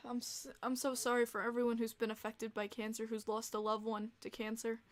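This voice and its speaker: A woman's voice: fairly high pitch, completely flat delivery, brisk. A woman hosting a casual livestream podcast, talking emotionally and rambling with many fillers and restarts. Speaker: podcast host and streamer.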